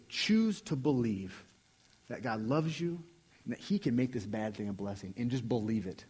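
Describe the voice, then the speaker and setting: Young guy preaching in church, earnest storytelling, pitch jumps all over, bit husky. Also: a little mellow. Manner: earnest, personal storytelling with frequent restarts. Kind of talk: sermon. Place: church sanctuary.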